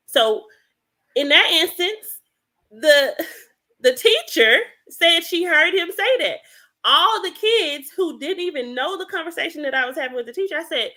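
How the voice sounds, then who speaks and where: A woman on a podcast, telling a parenting story in a lively way and acting out the dialogue. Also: high voice, normal speed. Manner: animated storyteller, acts out dialogue. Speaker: podcast guest. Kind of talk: casual podcast chat.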